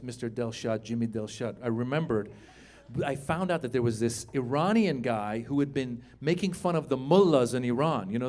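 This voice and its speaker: A man's voice: fairly high pitch, darkish tone. A middle-aged man doing a stand-up comedy set in a club, telling a story and acting out other people's lines. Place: comedy club stage with live audience.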